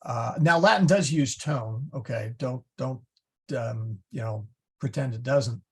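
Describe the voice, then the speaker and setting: A man teaching a Latin class over a video call, halting and explaining patiently with many restarts. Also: medium pitch, vocal fry, darkish tone, slightly rough.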